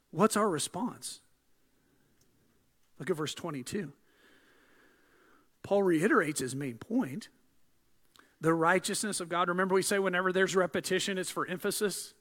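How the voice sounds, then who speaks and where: A male pastor preaching a sermon, swinging from hushed asides to loud, emphatic build-ups. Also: high voice.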